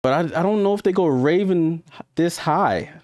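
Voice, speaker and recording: A man with a New York accent hosts a live stream, offering casual reaction commentary as he thinks aloud and addresses viewers with hesitant ums. His voice is fairly high and darkish at a normal speed, captured as clean studio sound with no echo.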